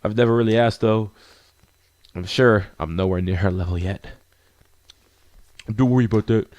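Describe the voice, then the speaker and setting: A man's voice: on the low side, normal speed, darkish tone, no room sound, lightly acted. A confident teenage girl who runs a club, put on by a man. She talks in an encouraging, chatty way, her voice lifted just a little. The sound is dry and close, like a game read-along.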